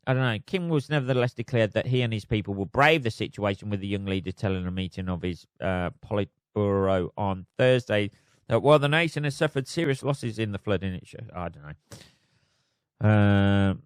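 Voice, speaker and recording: A man's voice: on the low side, normal speed, clear, resonant tone, no echo, studio quality. Sweary sardonic man ranting. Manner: sweary, sardonic, laughs at his own jokes. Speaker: podcast host. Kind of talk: solo comedic podcast rant, reading news aloud.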